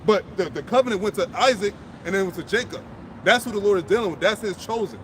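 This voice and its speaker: Fired-up, high-voiced man preaching outdoors. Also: lively intonation, quick pace, fairly bright tone, a little hiss or hum. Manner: blunt, profane and fired up, with frequent repeats. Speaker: street preacher. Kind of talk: impassioned outdoor sermon.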